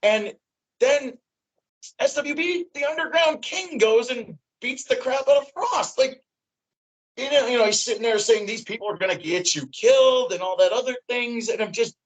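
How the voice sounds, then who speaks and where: A man guest excitedly retelling what he saw live, his voice jumping high when he quotes himself. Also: moderate pace, rough recording. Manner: animated, voice jumps high when quoting himself. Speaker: wrestling fan guest. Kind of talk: excited recounting in casual chat.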